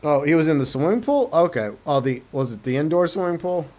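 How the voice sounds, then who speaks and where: A man's voice: on the high side, expressive, fairly quick, darkish tone. Man musing casually while streaming a game. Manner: thoughtful, speculating, many restarts. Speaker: streamer host. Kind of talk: casual gaming chat.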